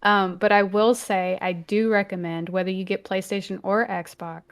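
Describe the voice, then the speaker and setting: A woman in her thirties co-hosting a podcast, chatting casually with many "um"s and turning lively when she quotes her family. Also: medium pitch, normal speed, clear, resonant tone. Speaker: podcast co-host. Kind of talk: casual chat.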